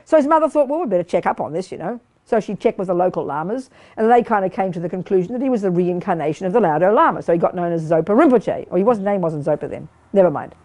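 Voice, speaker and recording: An older woman giving a lively Buddhist teaching to a live group, quizzing her listeners and talking bluntly and playfully. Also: lowish voice, fast talker, few pauses. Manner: animated, questioning the audience, blunt and playful. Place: meditation study group hall.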